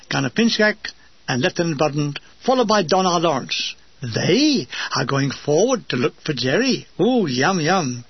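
A man narrating his war memoir with dry, deadpan comic asides. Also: sits high, creaky, husky, no echo. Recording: dull lo-fi dry recording.

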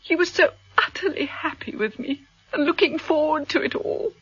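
An actress playing a wealthy middle-aged widow in a radio drama, effusive, melodramatic and sentimental. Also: female voice, high-pitched, normal speed, fairly bright tone, dry recording. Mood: gushing. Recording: dull lo-fi radio broadcast.

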